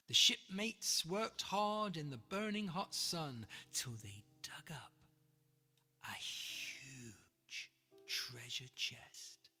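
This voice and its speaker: Lively, slow author reading a rhyming book. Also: mid-range voice, breathy edge. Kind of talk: rhyming storybook read-aloud. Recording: long reverb, faint music behind.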